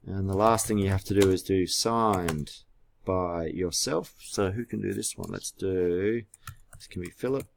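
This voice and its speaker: A man's voice: low-pitched, a little slow, gravelly, a little hiss or hum. A man teaching a class through a screen-recorded tutorial, patient and spelling words out letter by letter, with keyboard clicks behind him.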